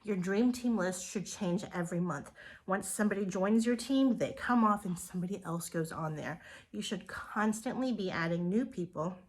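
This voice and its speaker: A woman in her forties leading a sales team, giving an earnest, emotional motivational talk that now and then drops into breathy whispers for emphasis. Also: mid-range voice, normal speed. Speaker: direct sales team leader.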